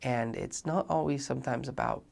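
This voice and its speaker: A young man telling a personal story in a talk, animated and acting out the dialogue of the people in it. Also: medium pitch, normal speed, gravelly. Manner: animated, acts out quoted dialogue. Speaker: speaker.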